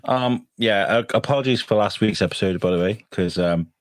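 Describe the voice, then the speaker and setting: A man's voice: on the low side, fairly quick, a little hiss or hum. A man from Britain co-hosting a podcast, who talks in a rambling, chatty way and laughs easily. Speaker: podcast co-host. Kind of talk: casual chat.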